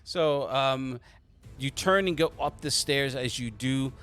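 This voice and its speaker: A man narrating a tabletop game as game master, halting and restarting, with quick voiced asides. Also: medium pitch, a bit bright, soft background music.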